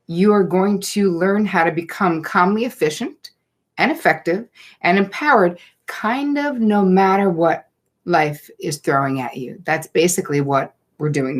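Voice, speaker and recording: A middle-aged woman hosting a live online masterclass from her home setup, chatting and greeting viewers by name and place. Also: on the low side. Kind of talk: casual live-stream welcome. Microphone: computer setup, looking down at notes.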